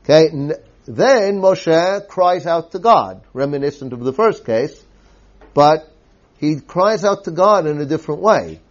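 A man lectures on scripture in a slightly raised voice. He lays out his points patiently, one at a time, and keeps pausing to ask "okay?" as he moves along. The recording sounds muffled and lo-fi. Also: fairly high pitch, lively intonation. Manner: explanatory, often checking in with "okay?". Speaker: Bible teacher.

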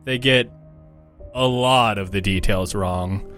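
A man voicing a grieving, earnest young male orc prince in a tabletop game, speaking in a halting, soft-spoken way. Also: lowish voice, soft background music. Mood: wistful. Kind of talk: tabletop role-play in character.

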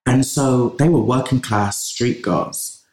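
A man's voice: medium pitch, slow pace, darkish tone. A man from in England, a podcast guest talking passionately in long runs with restarts. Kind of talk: conversational interview. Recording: roomy echo.

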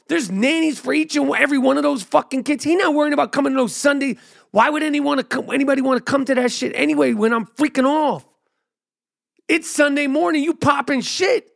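Loud profane man ranting, high voice. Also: gravelly. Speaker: podcast host. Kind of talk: profane rant monologue.

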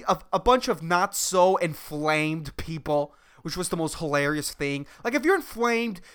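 A man's voice: high-pitched, a bit bright. Swearing young man ranting on his podcast. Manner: profane, ranting, laughing at himself. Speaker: podcast host and comedian. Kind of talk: casual solo podcast rant.

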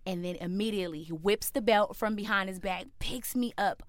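A young woman telling a personal childhood story, animated and acting out the voices of family members in loud, high quotes. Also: a little fast, no room sound. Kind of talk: personal story told to a listener.

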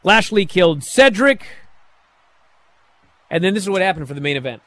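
A man with a fairly high voice recaps a wrestling show in a casual, sarcastic way. His pitch swings widely as he acts out lines in sudden, loud bursts. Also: very animated, normal speed, no room sound.

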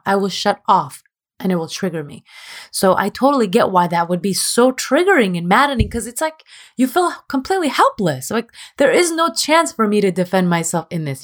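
Young woman coach on a podcast, frank and self-mocking, laughs easily. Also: medium pitch. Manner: open and self-deprecating, laughs often. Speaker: relationship coach, guest. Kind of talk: candid podcast conversation.

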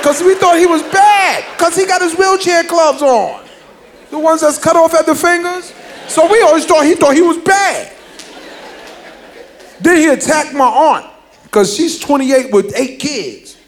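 A man's voice: very high voice, slight background noise. A man performing a stand-up comedy routine, telling family stories animatedly and laughing through lines.

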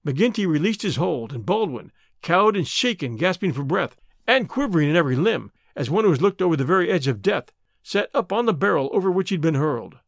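A man narrating a mystery story and hosting the show, with expressive storytelling. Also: a little high, fairly quick, gravelly, dry recording, studio quality. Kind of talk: audiobook narration.

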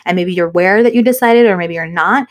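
A woman's voice: on the low side, fast. A middle-aged woman co-hosting a casual chat among friends, telling stories animatedly and slipping in Spanish phrases. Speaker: podcast co-host.

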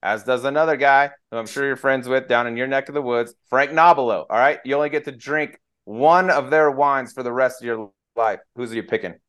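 Smooth-voiced man, joking podcast host. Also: mid-range voice, a little fast, few pauses, a bit bright. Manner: joking, teasing questions. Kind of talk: casual podcast banter.

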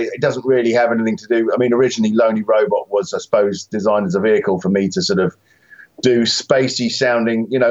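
A man's voice: medium pitch, darkish tone, dull audio. A man, a musician guest, talking casually and self-deprecatingly in an interview, with many fillers and restarts.

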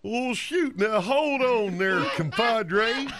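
A man's voice: sits high, animated, crowd noise. A man doing a dim drawling cowboy. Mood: goofy. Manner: slow folksy drawl. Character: slow-talking dim male cowboy ranch hand. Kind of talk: comedy sketch acting.

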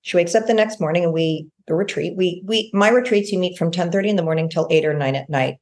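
A woman, a guest healer on a podcast interview, telling a long story in a lively way and acting out what people said. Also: on the low side, quick pace. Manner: lively storyteller, acts out quoted speech.

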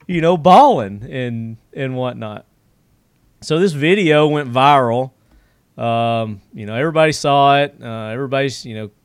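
A man hosts a casual podcast, telling stories in a loose, rambling way with plenty of fillers and easy chuckles. His voice is smooth and clear at an ordinary male pitch, and it sounds dry and close to the mic. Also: no echo. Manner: rambling storyteller, many fillers, chuckles often. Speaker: podcast host.

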